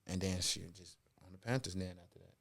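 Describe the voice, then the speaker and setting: His voice sits low, brisk, creaky, and slightly rough. He's a former football player from Texas guesting on a podcast, a laid-back, slangy, animated storyteller in casual chat.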